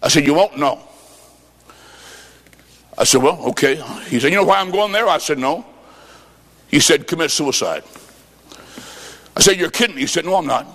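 A man preaching a revival sermon with folksy stories, impassioned and shouting at the peaks. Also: a little high, expressive, moderate pace, pauses often. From Illinois. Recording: echoey hall with long reverb.

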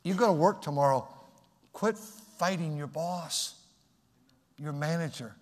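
A man's voice: a little high, measured pace. Man preaching in a reverberant hall. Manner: folksy, reflective storytelling. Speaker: pastor. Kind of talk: sermon.

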